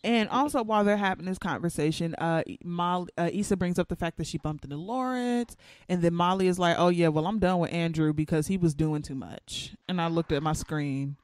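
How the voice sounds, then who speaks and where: A man's voice: on the high side, a little fast, few pauses, smooth. A man hosting a casual recap podcast, telling the story and acting out the characters' lines. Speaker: podcast host recapping a TV episode.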